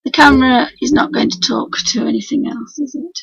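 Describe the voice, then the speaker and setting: A hoarse woman with a Yorkshire accent talks on a live stream, heavy on gravelly fry and very husky. Her voice sits a little high for a woman, and she rambles on in a homely way. The sound is dull and lo-fi, with a dry, close feel. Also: steady tone, fairly quick, no room sound. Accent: Yorkshire English. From Yorkshire, England. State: hoarse, croaky voice. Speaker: craft tutor streaming live. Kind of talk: chatty live painting demonstration. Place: at home at her work desk. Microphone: computer mic for a live stream.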